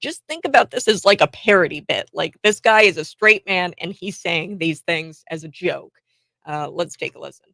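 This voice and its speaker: A woman's voice: lowish voice, normal speed, creaky, bright, forceful tone, no echo. A woman who grew up in the rural United States, hosting a chatty, sarcastic commentary and laughing often. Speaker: commentary host. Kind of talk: opinionated commentary.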